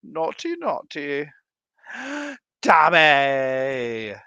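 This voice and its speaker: A man's voice: on the high side, huge pitch swings, extremely slow, sharp tone, smooth, no echo, highs cut off. A man in his thirties hosting a casual live stream, playful and sing-song as he greets viewers by name, sounding tired. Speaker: livestream host.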